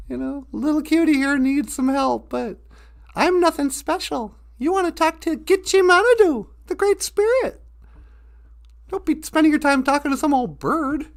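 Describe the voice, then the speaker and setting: A woman voicing a self-mocking, chatty male eagle spirit who acts as a messenger for prayers. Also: high-pitched.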